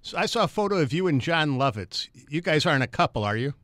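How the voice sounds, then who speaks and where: A man co-hosts a sports talk show and teases his guest with joking questions. His voice sits a little high and is recorded dry and close. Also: very animated, fast talker, a bit bright, no room sound. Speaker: co-host. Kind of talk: casual sports talk interview.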